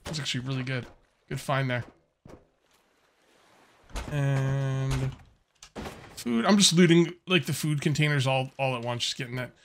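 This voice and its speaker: Speaking in a mid-range voice, a bit slowly and with long pauses, a man narrates his survival-game playthrough against faint background noise. It's laid-back let's-play commentary, meandering and full of fillers.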